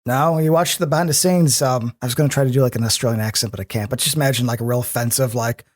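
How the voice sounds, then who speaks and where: Man, podcast co-host, medium pitch, enthusiastic, joking, casual talk. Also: fairly even intonation, very fast. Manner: joking, enthusiastic, repeats words. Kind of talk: casual movie chat.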